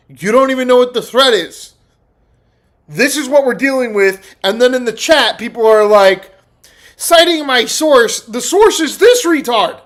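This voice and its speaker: Loud, swearing young male streamer. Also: high-pitched, lively intonation, moderate pace. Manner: loud, laughing, swears constantly. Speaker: streamer reacting to news clips. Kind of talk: profane live-stream commentary.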